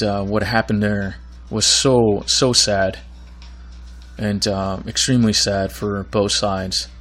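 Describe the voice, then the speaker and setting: A man hosting his own podcast in a casual monologue, earnest and rambling, with a voice going hoarse. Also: lowish voice. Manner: rambling, earnest, many fillers and restarts. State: losing his voice. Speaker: podcast host.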